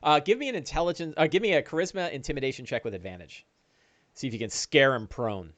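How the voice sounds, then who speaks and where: A man narrating a one-on-one tabletop game as dungeon master, animated, with quick bursts and restarts. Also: a little high, no room sound.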